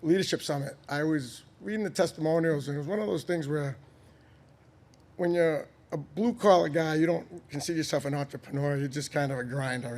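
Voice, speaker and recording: A podcast guest from Boston, Massachusetts, with a matching accent speaks earnestly and bluntly, swearing casually, in a candid conversational interview. His voice sits on the high side and is a little mellow.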